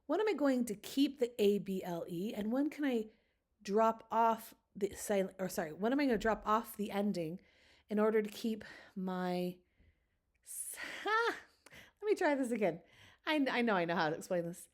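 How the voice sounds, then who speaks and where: A woman's voice: mid-range voice, animated, moderate pace, a little mellow. Upbeat woman teaching phonics rules. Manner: upbeat, chatty, laughs at own slips. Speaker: teacher trainer. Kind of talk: recorded lecture on phonics.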